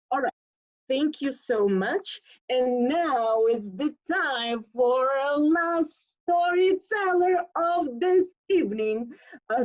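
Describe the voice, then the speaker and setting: A woman hosting a storytelling show over a video call, making announcements with hesitant pauses. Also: on the high side. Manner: hesitant, many uh fillers. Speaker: host. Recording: dull lo-fi video call audio.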